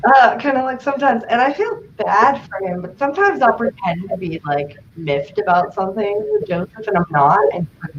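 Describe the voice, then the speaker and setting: A young woman in casual chat who is animated and acts out the lines she quotes. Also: medium pitch, normal speed. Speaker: co-host. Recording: dull distant mic with faint noise.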